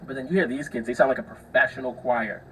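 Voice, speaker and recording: A young man hosts his own podcast, spinning casual stories and acting out the people in them, with the odd curse word. His voice sits at an everyday middle pitch. It sounds a little distant from the mic over a faint background hiss. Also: fairly even intonation, fast, a bit bright. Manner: chatty, swears freely, acts out the people in his stories. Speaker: podcast host. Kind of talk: casual solo storytelling.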